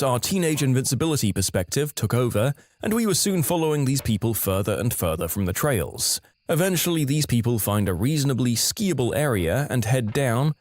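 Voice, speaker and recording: A man narrating scripted first-person stories in a lively storytelling manner. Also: mid-range voice.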